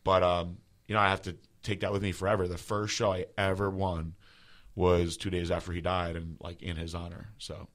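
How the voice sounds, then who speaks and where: Rambling, foul-mouthed podcast host, low voice. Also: male voice, little pitch movement, moderate pace, fairly bright tone. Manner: rambling, heavy "like" filler, profane. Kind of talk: casual storytelling chat.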